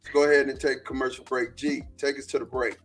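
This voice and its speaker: A man hosting a live sports podcast in a relaxed way, calling breaks and picks. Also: medium pitch, quick pace, soft background music. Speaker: podcast host. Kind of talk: casual sports chat.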